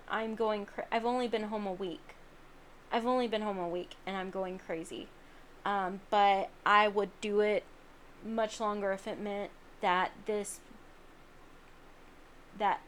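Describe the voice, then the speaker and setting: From home late at night, a drowsy woman hosts her solo podcast in a medium-pitched voice over a little hiss or hum. Her talk is earnest, meandering and self-deprecating.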